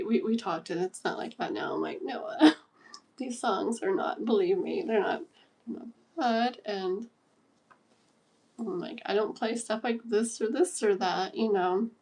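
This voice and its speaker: A woman's voice: mid-range voice, gravelly, darkish tone. A woman in her thirties hosting a casual livestream, chatting and giggling while reading comments aloud. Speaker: livestream tarot host.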